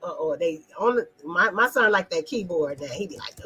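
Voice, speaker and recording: A woman's voice: lowish voice, expressive, moderate pace, bright, forceful tone, a little hiss or hum, low-quality recording. A woman hosting an online live talk, speaking emphatically in a casual, preachy way and addressing viewers in the chat. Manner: emphatic, preachy, asks the audience questions; talks directly to viewers in the chat.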